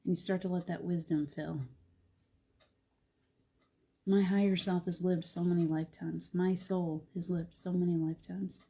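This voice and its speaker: The host of a live spiritual talk show speaks softly in a husky, mellow, lowish voice, gentle and reflective, laughing often. Her delivery is flat at a normal speed, broken by long pauses, in a casual live-stream chat.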